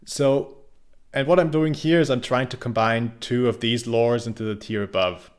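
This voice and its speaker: A man's voice: medium pitch, normal speed. A young man casually commenting on his gameplay, rambling and joking, with frequent restarts. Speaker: game streamer.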